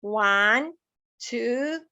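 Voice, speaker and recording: A woman's voice: a little high, drawn-out words, bright, forceful tone, highs cut off. A woman teaching a lesson to young children, sing-song and coaxing, asking them questions as she goes.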